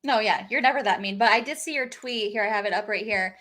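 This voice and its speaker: A young woman hosting a casual interview, chatty and quick to laugh as she prompts her guest. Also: medium pitch, sharp tone. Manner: chatty, laughing, reading tweets aloud.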